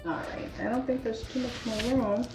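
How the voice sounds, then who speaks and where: A woman's voice: fairly high pitch, brisk, a little mellow. A woman hosting a casual home cooking demonstration, chatty and teasing, with many fillers. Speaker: cooking channel host. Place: home kitchen. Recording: echoey kitchen, faint music.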